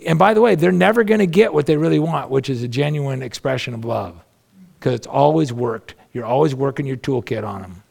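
A man's voice: a little high, gravelly, a little mellow. A male pastor preaching a sermon in a conversational, folksy way, with humorous asides.

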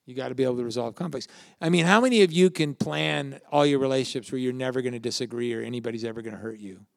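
Gravelly older male pastor preaching. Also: medium pitch, very fast, dry recording, clean studio sound. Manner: conversational, anecdotal, asks the audience questions. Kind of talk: sermon.

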